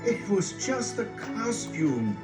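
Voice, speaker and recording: A man reading a picture-book story aloud in an expressive, playful way, teasing his listeners. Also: high voice, takes it slowly. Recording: roomy, distant sound with music.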